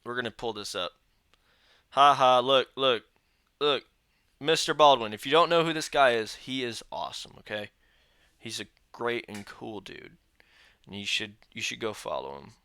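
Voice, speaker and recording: A man's voice: mid-range voice, lively intonation, moderate pace, long pauses, bright, forceful tone, clean tone, no echo. Tired, grumbling young man vlogging. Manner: weary and grumbling, venting frustration. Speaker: reaction channel host. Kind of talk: casual vlog chat to camera. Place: indoor room, seated. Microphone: phone camera.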